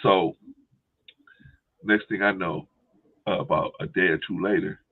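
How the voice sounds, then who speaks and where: A man co-hosting a casual chat, telling a story animatedly and mimicking other people in a high voice. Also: a little slow, breathy edge. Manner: animated, acts out quotes in a high voice. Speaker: co-host. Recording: tinny phone-line sound.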